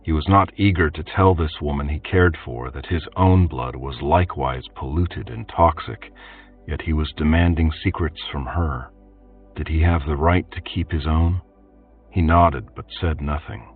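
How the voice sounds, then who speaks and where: A man doing a steady, even scripted narration of a fantasy audiobook, with faint music behind. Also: extremely low pitch, measured pace. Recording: distant tinny phone-like sound, faint music.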